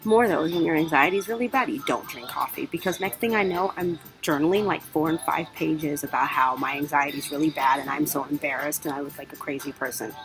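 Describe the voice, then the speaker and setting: A woman's voice: low voice, fairly quick, few pauses, over music, poor audio. A young woman vlogger telling a travel story in a casual way, acting out her own panic. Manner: animated, acts out her own panic in quotes.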